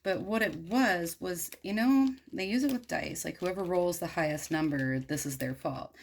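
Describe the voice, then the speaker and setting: A woman's voice: fairly low pitch, normal speed, slight background noise. A woman casually retelling a story while crafting at home, irreverent and slangy, swearing freely and wandering into asides.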